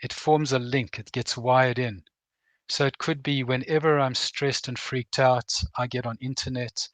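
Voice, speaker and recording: A middle-aged man reflects on a veterans' program as a guest, earnest and plain-spoken, acting out brief pieces of dialogue. His medium-pitched voice is steady and fairly bright, with a measured pace and no echo.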